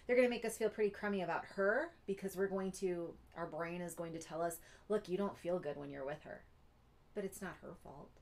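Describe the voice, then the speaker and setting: A woman giving an earnest teaching talk, pausing often to check in with her listeners. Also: mid-range voice, darkish tone. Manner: earnest, keeps checking in with "Okay?". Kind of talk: teaching monologue.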